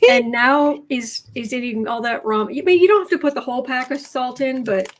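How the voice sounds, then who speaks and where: A woman with a fairly high voice talks through a casual tarot livestream. She is chatty and laughs easily, breaking off mid-sentence and circling back as she goes. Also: brisk. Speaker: tarot reader co-host.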